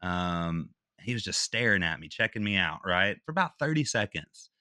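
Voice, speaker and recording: A man's voice: low voice, moderate pace, dry recording, studio quality. A man, a military veteran guest, telling a personal story in casual talk. He acts out the other people's lines and drops "dude" and "bro" as he goes. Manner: animated retelling, acts out quotes, slangy with "dude" and "bro".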